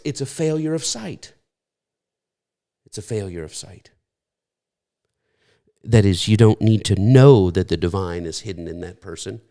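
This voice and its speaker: A man's voice: lowish voice, darkish tone. A middle-aged man preaching a sermon in a conversational, storytelling way with frequent restarts. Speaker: pastor.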